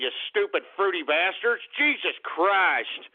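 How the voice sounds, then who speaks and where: A man's voice: a little high, animated, moderate pace, hardly any pauses. A man from Texas hosting a radio show, ranting aggressively at listeners and calling them boy. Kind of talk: comedic ranting call-in radio. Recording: tinny phone-like internet radio audio.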